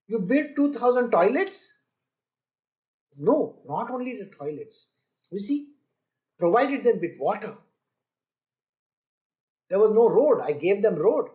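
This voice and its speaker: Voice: medium pitch, sing-song, slow pace, pauses often, dark tone. A spiritual teacher giving a scripture lecture, asking listeners rhetorical questions and mocking boastful people by quoting them.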